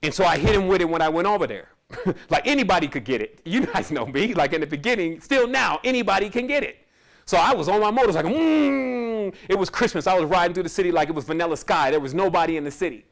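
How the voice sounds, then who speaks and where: A man with a notably high voice tells a personal story about his spiritual path. He speaks casually and wanders between thoughts, often breaking into a laugh. As a spiritual teacher, he addresses his followers directly. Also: expressive, fast, vocal fry. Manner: casual, rambling, with frequent laughs.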